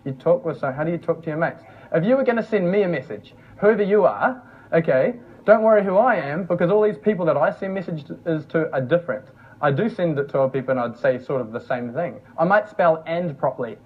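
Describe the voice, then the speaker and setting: Young male presenter, casual and jokey, high-ish voice, dull lo-fi sound. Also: expressive, fast talker, husky. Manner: chatty, joking, laughs often. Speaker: workshop presenter. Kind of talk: casual teaching talk. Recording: dull lo-fi recording.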